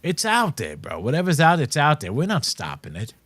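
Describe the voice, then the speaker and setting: Young male co-host, excitable, fairly high and very lively voice, calls everyone bro; faint music under him. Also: fairly quick, no echo. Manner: excitable, says "bro" and "man" a lot. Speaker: podcast co-host. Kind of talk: casual chat.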